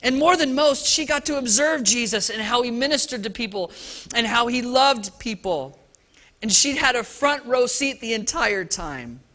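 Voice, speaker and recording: A man preaching an Easter sermon as pastor of a church service, talking in a lively, conversational way with frequent restarts and asides. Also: very high-pitched, moderate pace.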